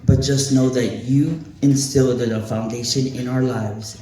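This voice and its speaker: A man from the Miami area speaks in a chatty, joking way, giving a tribute speech to a former teacher. His voice sits at a middle pitch and rings around a roomy hall. The mic is some way off, with a crowd murmuring behind him. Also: steady tone, a little slow, few pauses, recorded from a distance. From Miami area, Florida. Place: hotel banquet hall.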